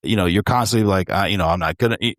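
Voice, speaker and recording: A man's voice: low voice, rapid-fire, fairly bright tone, dry recording, clean studio sound. A man co-hosting a podcast, talking in an earnest, reflective way and calling his listeners bro. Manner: earnest and reflective, speaks to other men as bro. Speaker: podcast co-host. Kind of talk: casual chat.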